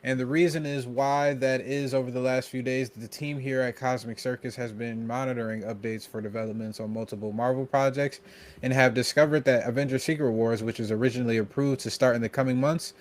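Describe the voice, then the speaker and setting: A man co-hosting a casual podcast, reading out articles and listener questions in a steady, matter-of-fact way. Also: medium pitch, fairly quick. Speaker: podcast co-host.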